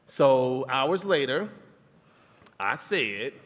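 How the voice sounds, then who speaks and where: A man co-hosting a live podcast, telling a relationship story to an audience in a playful, animated way. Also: medium pitch, very slow. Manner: animated, playful storytelling with self-mocking asides. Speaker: podcast co-host. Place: live show venue in a large hall. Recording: live hall recording with long reverb.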